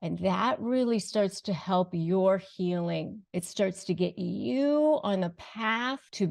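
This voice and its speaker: A woman hosting an advice video, speaking emphatically and slowing down to stress key phrases. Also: fairly low pitch, vocal fry, darkish tone. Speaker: host giving advice. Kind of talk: direct-to-camera advice talk.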